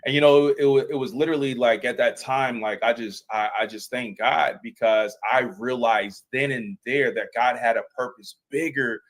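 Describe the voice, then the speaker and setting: A man tells his own story on a live panel, earnest and emphatic. His voice sits at an ordinary middle pitch. He often restarts phrases as he builds to the point. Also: steady tone, normal speed, hardly any pauses, low-quality recording. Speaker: panel guest, veteran.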